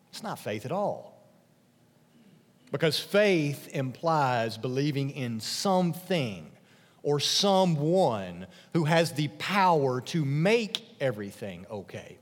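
A man preaches a sermon as a pastor, expressive throughout, dropping soft and low for emphasis and rising for questions. The recording carries a long hall reverb.

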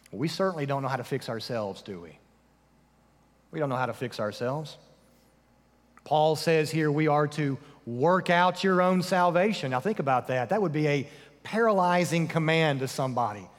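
A man preaching a sermon, asking rhetorical questions and dropping his voice low for emphasis. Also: big-room sound. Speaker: pastor.

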